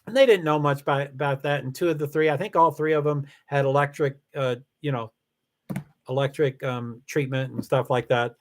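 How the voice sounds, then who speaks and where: A middle-aged man hosting a casual livestream, talking in a rambling, halting way with many restarts and fillers, candid and confessional about his life. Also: mid-range voice, steady tone. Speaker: livestream host. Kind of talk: casual personal livestream talk.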